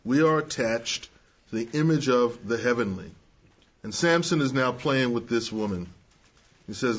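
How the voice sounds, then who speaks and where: A man preaching to young people, measured and emphatic, acting out the people he quotes. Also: mid-range voice, lively intonation, husky, highs cut off. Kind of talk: sermon.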